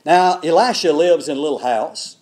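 An older man with a rather high voice preaches a sermon at a moderate pace. He tells a Bible story in an animated way, acting out each of its characters.

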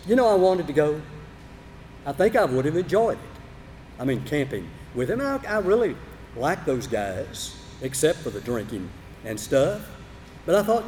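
An older man preaching a sermon, emphatic and storytelling, with big swings between loud and soft. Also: mid-range voice, big pitch swings, moderate pace, slight background noise. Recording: reverberant hall, faint room ambience.

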